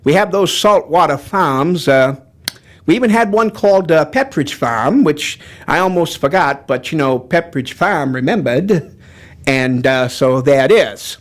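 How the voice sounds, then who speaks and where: A man voicing a laconic old Yankee with a Maine accent, slow and hesitant. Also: on the high side, animated, pitched below the performer's own voice.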